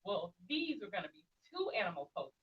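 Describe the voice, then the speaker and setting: A woman's voice: mid-range voice, big pitch swings, fairly quick. A young woman leading a children's yoga class, playful and encouraging, with sing-song prompts. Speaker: kids yoga teacher. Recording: muffled sound, distant from the mic.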